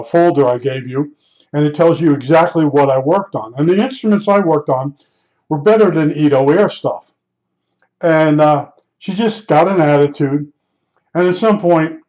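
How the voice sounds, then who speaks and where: An older man from New Jersey tells a rambling personal anecdote in a casual, conversational way, full of fillers and restarts. His voice sits on the high side and is a little mellow. The lo-fi recording sounds dull.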